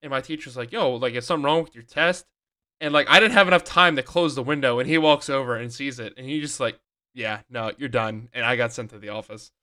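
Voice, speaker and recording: A man's voice: mid-range voice, fast, pushed and bright. A young man co-hosting a podcast, telling rambling stories in casual chat with lots of fillers and restarts. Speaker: podcast co-host.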